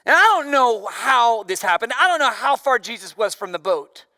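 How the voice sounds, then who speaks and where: A man preaching a sermon as pastor, with a loud voice that swings from forceful emphasis down to near-whispers. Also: extremely high pitch, sing-song, normal speed, no room sound, clean studio sound, in a large hall.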